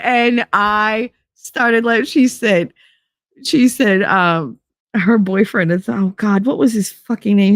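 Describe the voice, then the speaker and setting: A woman's voice: medium pitch, no room sound. New woman, middle-aged, podcast host, casual storytelling, salty language, dry close sound. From Hoboken, New Jersey. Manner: animated, swears freely, frequent laughter.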